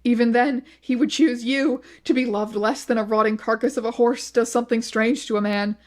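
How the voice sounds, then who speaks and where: A woman narrates a video essay, reading out online posts one after another. Her delivery is flat and measured, and her voice sits slightly higher than usual.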